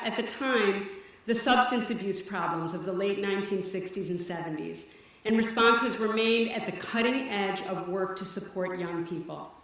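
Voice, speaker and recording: A woman directing a teen services program, giving an earnest, measured speech at a benefit event on stage. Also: mid-range voice, a bit bright. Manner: earnest, measured, slightly breathless delivery. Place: event stage in a large hall. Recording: echoey hall from far off.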